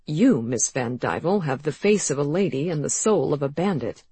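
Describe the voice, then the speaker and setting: Woman voicing a hoarse, grim young man. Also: sits low, expressive, normal speed, warm tone, heavily acted. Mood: wry. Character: grim, shivering young male writer. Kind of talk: audiobook character voice.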